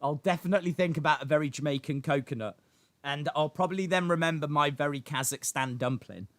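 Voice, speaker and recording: A man hosting a live stream, reacting excitedly to chat, shouting and laughing. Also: fairly high pitch, quick pace, dry recording. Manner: animated, shouts and laughs reading chat names.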